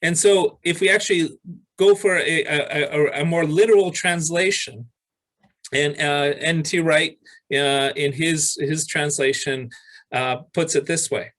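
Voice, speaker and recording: A male pastor preaching a sermon, reading scripture aloud with pauses and restarts. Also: fairly high pitch, fairly bright tone, rough recording.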